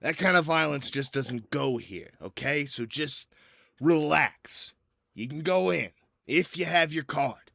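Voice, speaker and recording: A man's voice: fairly high pitch, lively intonation, unhurried, vocal fry, sharp tone, dry recording, studio quality, voice pushed up, full character voice. A man voicing a nervous male city gate guard who talks in a placating, flustered way.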